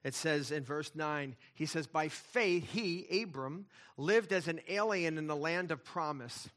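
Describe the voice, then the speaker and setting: A man's voice: fairly high pitch, unhurried, a bit bright. A middle-aged male pastor preaching a sermon, emphatic, with intensity that swells and drops back.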